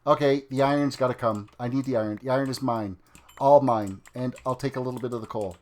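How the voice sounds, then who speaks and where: A man's voice: medium pitch, fast, darkish tone. A man hosting a live game stream, chatting playfully and joking as he plays. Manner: chatty, playful, reads chat aloud and jokes. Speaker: live-stream gamer host. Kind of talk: casual live-stream commentary.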